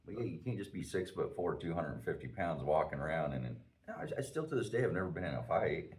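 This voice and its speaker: A man's voice: low-pitched, very animated, quick pace, distant mic. A man in his forties, a podcast host, telling a profane, self-mocking story in casual chat.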